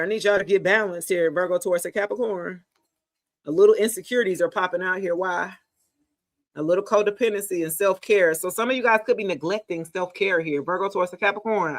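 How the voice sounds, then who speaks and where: A woman, giving a casual live tarot reading in a chatty, animated, slangy way, talking straight to her viewers. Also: mid-range voice. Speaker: tarot reader.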